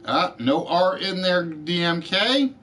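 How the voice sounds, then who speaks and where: Male game show host for a live stream; a somewhat high voice, unhurried delivery, spells out letters one by one. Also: expressive, bright, forceful tone, slight background noise. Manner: deliberate, spells out letters and addresses players by name.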